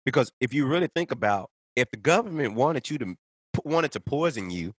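A man's voice: mid-range voice, sing-song, fairly quick, breathy edge, dry recording. A man ranting in casual conversation, heated and profane, piling up point after point. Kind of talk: casual podcast rant.

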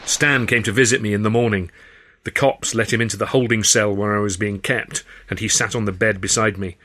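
A man narrating his own novel in the first person, in a wry, measured storytelling manner. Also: lowish voice, fairly even intonation, a bit bright. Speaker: author reading his novel.

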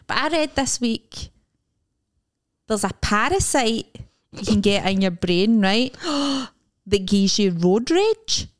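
A woman's voice: a little high, animated, slow. Rambling Scottish woman storyteller. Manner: rambling, acts out quoted dialogue. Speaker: podcast co-host. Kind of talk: casual chat.

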